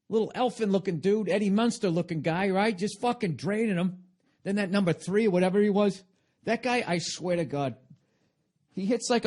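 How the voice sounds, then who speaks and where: A man on a podcast delivers a sarcastic, profane comedic monologue that wanders from point to point. His voice sits slightly higher than most men's. He mocks himself and the people he talks about. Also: darkish tone. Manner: profane, rambling rant with constant swearing; sarcastic, self-mocking. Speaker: podcast host.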